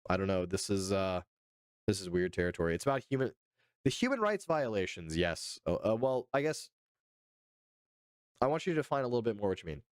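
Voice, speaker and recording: A man's voice: fairly low pitch, very animated, fairly quick, pauses often, clear, resonant tone, dry recording. A man livestreaming casual commentary, reading chat and talking it through in a hesitant way that repeats itself and swears freely. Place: home streaming setup.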